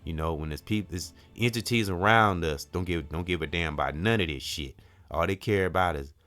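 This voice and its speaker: A man's voice: deep voice, a little fast, a bit bright. A middle-aged man talking casually and earnestly about volunteering, rambling, often saying "you know" and tripping over words. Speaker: volunteer and channel host. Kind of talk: casual motivational talk.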